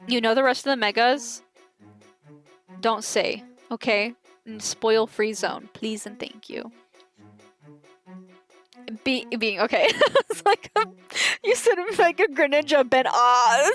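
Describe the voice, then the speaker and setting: A woman in her twenties with a light Southern twang talks loosely and playfully to her live-stream audience. She laughs often, and her voice sits a little higher than most. Soft game music plays underneath. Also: lively intonation, slow, pauses often. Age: 20s. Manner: giggly, chatty, talks straight to chat. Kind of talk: casual live-stream chat.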